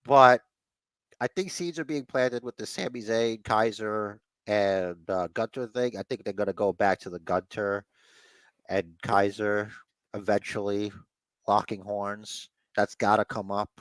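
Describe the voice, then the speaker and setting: A man's voice: lowish voice, no room sound. A man co-hosting a casual wrestling recap podcast, rambling with fillers and acting out bits. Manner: acts out wrestlers' lines in quick, animated put-on voices. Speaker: podcast co-host.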